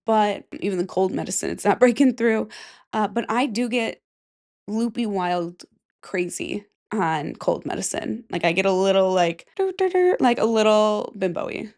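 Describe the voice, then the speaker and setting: Speaking into a desk mic, this Michigan podcast host has a medium-pitched, fairly even voice, a bit mellow and at a moderate pace. She's young, congested from a cold, and going solo, drifting between topics while laughing at her own expense.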